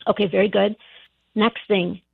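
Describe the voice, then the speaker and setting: A woman's voice: medium pitch, little pitch movement, moderate pace, gravelly, slightly rough, dry recording. A middle-aged woman calling in on the phone to a radio show, telling her story hesitantly with many restarts. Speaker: caller. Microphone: telephone. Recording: tinny phone line.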